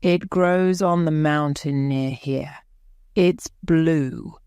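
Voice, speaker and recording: Woman narrator reading a calm, formal stranger; slow, clear delivery, dry sound. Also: low-pitched, no room sound. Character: calm, mysterious grown man offering help.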